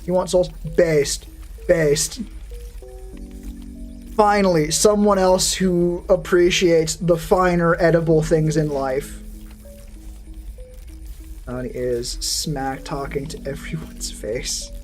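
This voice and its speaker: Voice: medium pitch, steady tone, takes it slowly, long pauses, a little mellow, soft background music. Sardonic, foul-mouthed streamer chatting. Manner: sardonic, profane, rambling. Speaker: VTuber streamer. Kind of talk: casual live-stream chat, answering chat.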